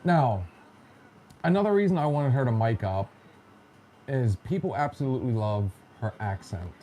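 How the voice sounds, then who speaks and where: A man's voice: medium pitch, expressive, moderate pace, dark tone, slight background noise. A man hosting a casual podcast, telling stories in a chatty, joking way and mimicking other people in quotes. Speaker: podcast host. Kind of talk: casual storytelling chat.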